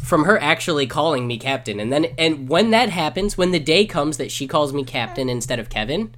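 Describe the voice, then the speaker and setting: A man's voice: fairly high pitch, brisk. A man co-hosting a casual chat, joking and acting out lines as he tells stories. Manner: joking and animated, acts out quoted lines.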